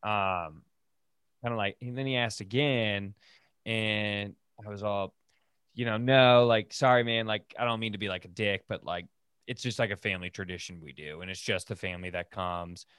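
A man's voice: on the low side, moderate pace, pushed and bright, smooth, no room sound, studio quality. A man hosting a casual podcast, telling a long story with lots of fillers and swearing. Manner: rambling, swears often, frequent "like" fillers. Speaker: podcast host.

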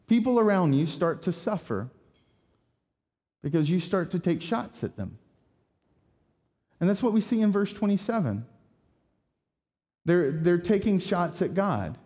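A man preaching a sermon as pastor, talking in a conversational, animated way with rhetorical asides. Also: high voice, long reverb tail.

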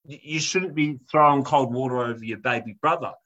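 A man imitating a mother who gently and patiently reasons with her misbehaving son. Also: mid-range voice, brisk, highs cut off, voice pushed down, lightly acted. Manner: soothing, overly patient.

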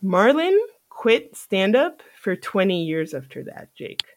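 A podcast host telling a story in casual chat, animated and profane, often laughing. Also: medium pitch, takes it slowly, a little hiss or hum.

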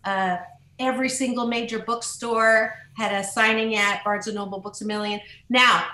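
A woman author and motivational speaker in an interview, telling stories in an upbeat, animated way and swooping up into high voices. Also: moderate pace, roomy sound, low-quality recording. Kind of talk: podcast interview.

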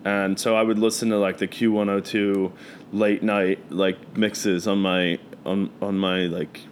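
A man from the Philadelphia area with a Philadelphia accent, a DJ being interviewed, talking in a flat deadpan way. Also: measured pace, slight background noise. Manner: deadpan, low-key delivery. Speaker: guest, DJ. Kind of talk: casual conversational interview.

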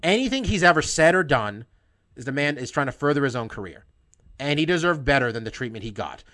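A podcast host, a man, talking with blunt force and plenty of swearing. His voice is bright and forceful, and he breaks off and restarts his sentences as he presses his point. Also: mid-range voice, lively intonation, a little fast. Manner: emphatic, profane, with many restarts. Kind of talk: heated podcast monologue.

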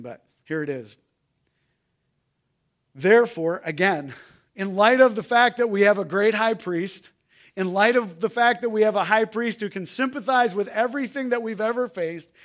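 Male pastor, high voice, sermon delivery, hushed lines breaking into shouts, repeats phrases for emphasis. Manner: swings from hushed, soft delivery to loud shouted appeals.

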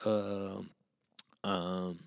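A man's voice: low voice, little pitch movement, drawn-out words, vocal fry, no room sound, studio quality. A man hosting his own podcast, rambling in a loose monologue full of cursing and street slang. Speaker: podcast host and comedian.

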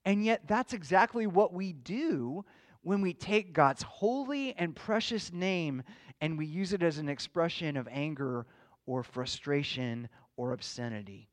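High-voiced, unhurried male pastor preaching. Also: lively intonation. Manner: earnest, measured teaching with rhetorical questions. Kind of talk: sermon.

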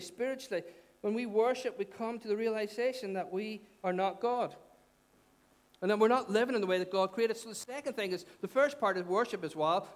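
A middle-aged male pastor with a Northern Irish accent delivers a sermon in a fairly high voice. He talks to the congregation in an earnest, conversational way, lifting his voice on the big points and dropping it low for the asides. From Northern Ireland. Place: church hall.

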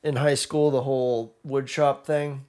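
A man's voice: mid-range voice, level tone, a little slow, dark tone. A young man in casual chat as podcast co-host, loose and joking, swearing freely.

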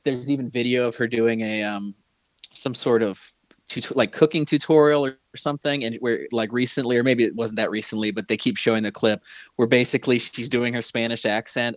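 A man's voice: medium pitch, no room sound. A man hosting a casual chat, rambling and gossipy with frequent restarts.

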